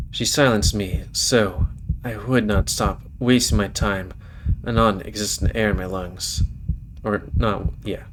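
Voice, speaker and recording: Guy doing a let's play of a visual novel, lowish voice, reads it out dramatic then chats, bit of background noise. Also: measured pace. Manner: dramatic reading, shifting into casual chat. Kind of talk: reading a visual novel aloud.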